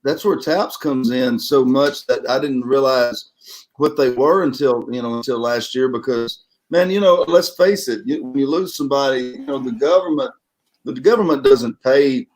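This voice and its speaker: A man's voice: mid-range voice, normal speed, low-quality recording. A man with a Louisiana Southern accent, a singer and guest talking earnestly in a casual interview and often repeating himself.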